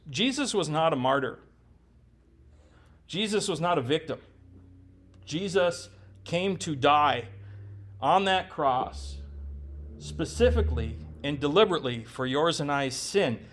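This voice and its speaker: A man with a notably high voice preaches with conviction, pressing his points home with rhetorical questions. He keeps it conversational and throws in quick jokes. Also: lively intonation. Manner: jokes with the congregation. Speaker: pastor. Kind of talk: sermon.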